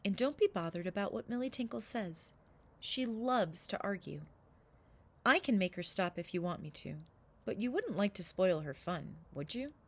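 A woman voicing a calm, kind old man in a storybook who soothes a child. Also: mid-range voice, moderate pace. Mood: soothing.

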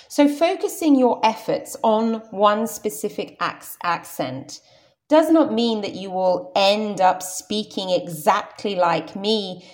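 A woman's voice: medium pitch, gravelly, a little mellow. A young adult woman with a modern received pronunciation British accent, teaching English in a careful, explanatory lesson. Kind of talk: scripted podcast lesson.

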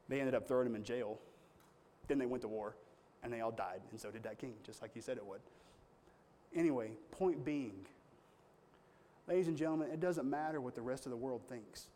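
A man's voice: medium pitch, moderate pace, darkish tone. A man pastor preaching a sermon in an earnest, conversational storytelling way with strong emphasis.

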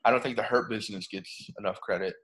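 Young male co-host, relaxed, keeps the talk moving, lowish voice. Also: fast talker. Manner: easygoing, steers the talk. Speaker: podcast co-host. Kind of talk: casual chat about pro wrestling.

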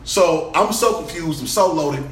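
A man on a podcast, telling a story in an animated, profane way and laughing as he goes. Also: fairly high pitch, a little slow, echoey room, a little hiss or hum. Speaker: podcast guest. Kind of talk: storytelling, casual chat.

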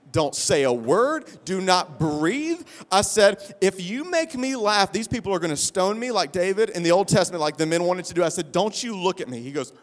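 A man preaching a sermon, telling a funny, self-deprecating story in an animated way. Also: high-pitched. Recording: long hall reverb.

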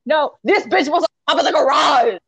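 A young woman in casual chat, telling a wild story with lots of swearing and excitement. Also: high voice, brisk, creaky, no echo. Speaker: co-host. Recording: dull, slightly lo-fi dry sound.

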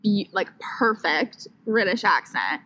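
A woman guest on a podcast, chatting in a giggly, animated way, outdoors in a park. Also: medium pitch, takes it slowly, slightly rough, rough recording. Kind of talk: casual chat. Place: outdoors in a park, on a grassy slope.

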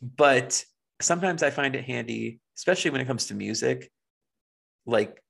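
Gravelly-voiced playful male podcast co-host. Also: medium pitch, animated, moderate pace, a bit bright. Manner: laughs often, playful and chatty. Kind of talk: casual chat.

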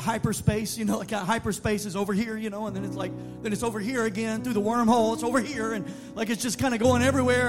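A preacher delivering an emphatic sermon in a church, telling stories and building to bold declarations. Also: male voice, sits high. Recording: sermon over background music.

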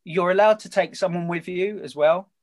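A man, a podcast guest, chatting casually and telling a story with lively energy. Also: high voice, moderate pace. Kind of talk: casual chat.

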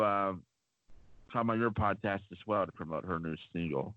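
Chatty low-voiced man, lo-fi podcast. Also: normal speed, dry recording. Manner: rambling, chatty, many fillers. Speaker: podcast co-host. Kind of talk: casual podcast storytelling. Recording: dull lo-fi dry sound.

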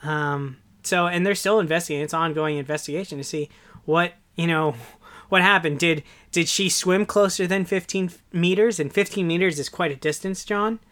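Casual co-host, male, high register, rambling delivery. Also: moderate pace, a bit bright. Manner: rambling, filler-heavy, restarts. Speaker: podcast co-host. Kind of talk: casual chat.

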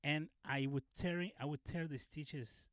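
A man who is a podcast guest, telling personal stories in casual chat, halting and restarting often. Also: on the high side, steady tone, a bit bright, no echo. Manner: halting, many fillers and restarts, frank.

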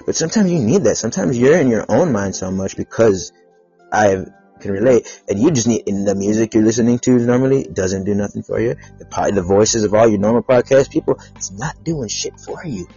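A man's voice: fairly low pitch, lively intonation, brisk, dark tone, husky, dull audio, faint music behind. A man hosting his own podcast livestream, rambling in a profane, self-aggrandizing way. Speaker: podcast host.

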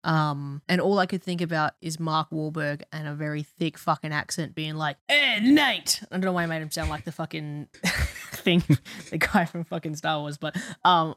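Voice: medium pitch, little pitch movement, moderate pace, fairly bright tone, dry recording. A podcast co-host in casual chat, swearing constantly and ranting.

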